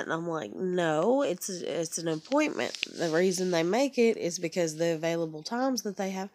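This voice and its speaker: Woman, lower pitch; profane exasperated storytelling rant. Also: expressive, moderate pace, few pauses. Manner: profane, exasperated, quotes people in raised voices. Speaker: vlogger.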